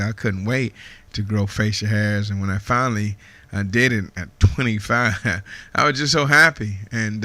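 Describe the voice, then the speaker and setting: Chatty bright-voiced radio host man. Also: fairly low pitch, dry recording. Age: 50s. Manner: chatty, laughing, many fillers and "man". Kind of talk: casual radio monologue. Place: radio studio.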